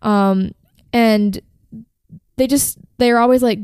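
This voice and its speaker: Woman, casual storyteller, slightly high voice, smooth clear tone, dry close sound, swears freely. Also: moderate pace, darkish tone, no room sound. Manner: chatty, profane, uses fillers like "like" and "um". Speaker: podcast host telling a band history.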